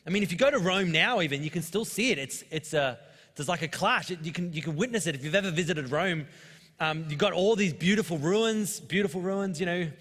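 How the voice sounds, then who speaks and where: An Australian man in his thirties preaching a sermon with a fairly high voice, talking to the congregation in a loose, joking way and telling personal stories. The sound has a long hall reverb, as in a church auditorium. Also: expressive, brisk, a bit bright. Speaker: pastor.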